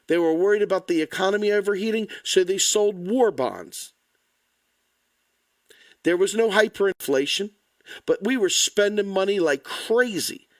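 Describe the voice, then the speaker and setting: A man's voice: high-pitched, no echo. A man delivering an impassioned, angry, blunt political rant to the camera, swearing freely. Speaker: political commentator.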